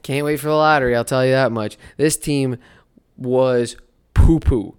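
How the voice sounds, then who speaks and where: A young man hosting a casual solo sports podcast, swinging between loud mock outrage and quiet mumbled asides. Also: mid-range voice, fairly even intonation, a little fast, smooth.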